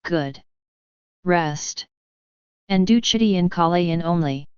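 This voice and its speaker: A woman's voice: fairly low pitch, slow, clear, resonant tone, no echo. Woman reading as a stern mother. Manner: firm, matter-of-fact. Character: stern, old-fashioned mother of the bride. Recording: dull, dry lo-fi audio.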